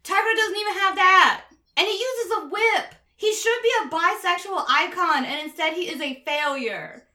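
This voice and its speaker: A woman chatting casually and animatedly, swearing a lot and mocking characters with quick impressions. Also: very high voice, pushed and bright, roomy sound. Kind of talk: casual chat.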